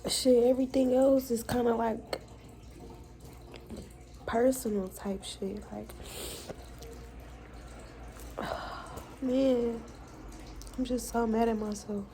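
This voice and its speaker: A woman's voice: on the high side, fairly even intonation, takes it slowly, pauses often, mellow, a little hiss or hum, rough recording. A young woman, venting frankly and with profanity in a personal vlog. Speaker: vlogger.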